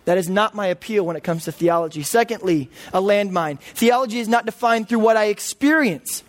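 A man's voice: high voice, a little fast. A man in his thirties preaching a sermon, earnest and emphatic. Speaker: pastor.

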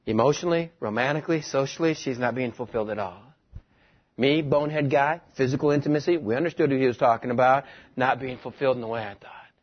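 A man's voice: medium pitch, quick pace. A man from West Texas preaching a sermon, telling a story about his own marriage with self-mocking humor. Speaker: pastor. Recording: dull lo-fi recording.

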